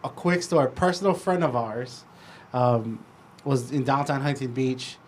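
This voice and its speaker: A man with a mid-range voice chatting on a podcast, telling his story in a relaxed, low-key way. A faint hum of ambience sits behind him. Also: moderate pace. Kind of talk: casual chat.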